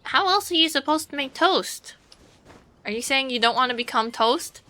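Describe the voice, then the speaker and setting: A woman's voice: high voice, animated, normal speed, bright, forceful tone. A woman streamer giving casual gameplay commentary, rambling playfully to her viewers and swearing now and then.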